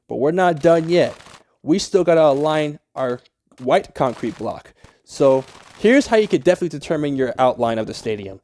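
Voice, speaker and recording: A man's voice: a little high, a little mellow. Profane, easily annoyed young man. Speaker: Minecraft tutorial creator. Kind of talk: casual gameplay tutorial voice-over.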